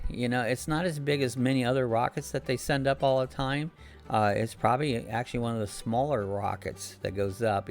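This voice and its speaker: A man hosts a casual live stream from his house, talking with a gravelly edge at an ordinary pitch. He rambles easily from topic to topic and reads out viewers' comments and greetings as they come in. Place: home.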